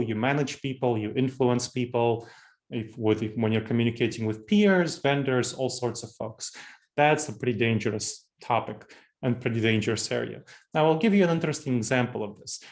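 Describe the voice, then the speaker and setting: A man in his forties with an Eastern European accent, from Moldova, speaking as a keynote presenter on leadership. He talks conversationally, at a middle pitch, and often repeats a phrase to stress it. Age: 40s.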